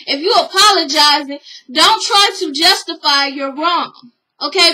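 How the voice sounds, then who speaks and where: A woman's voice: sits high, a little slow, poor audio. A woman casually recapping a show for her vlog, blunt and profane, acting out what people said. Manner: animated storytelling, blunt and profane, acts out quotes.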